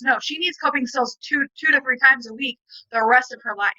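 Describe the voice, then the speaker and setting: A woman's voice: sits high, brisk, hardly any pauses, pushed and bright, no room sound, low-quality recording. A woman and parent on a video call, speaking in a rambling, emphatic way and often acting out what people said to her. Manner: rambling, emphatic, retelling dialogue. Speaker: parent and guest. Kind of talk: casual conversation.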